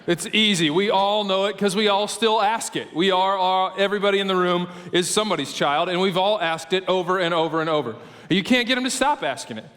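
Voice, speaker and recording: A middle-aged male pastor preaching to his congregation in a conversational, story-driven way, tossing in quick asides to the room. His voice sits high for a man. The sound carries a long reverb from the church hall around him. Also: fairly bright tone. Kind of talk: sermon. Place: church auditorium.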